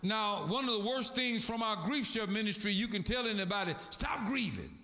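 A man's voice: sits high, expressive, moderate pace, pushed and bright, reverberant. A man preaching a sermon, calling to the congregation for responses and breaking into song.

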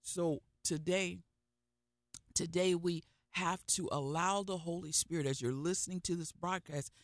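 Man, faith broadcast minister: fervent, repetitive preaching style, somewhat high voice. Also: fairly even intonation, measured pace, no room sound, clean studio sound. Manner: fervent, emphatic, repeating phrases for effect.

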